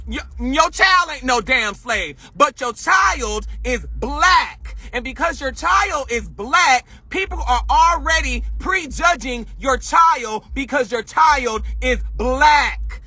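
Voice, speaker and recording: A man's voice: very high voice, bright, forceful tone, breathy edge. A man livestreaming from his car, ranting with passion and heavy swearing. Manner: emotional, profane, passionate. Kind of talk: casual heated rant on a live stream. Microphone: phone.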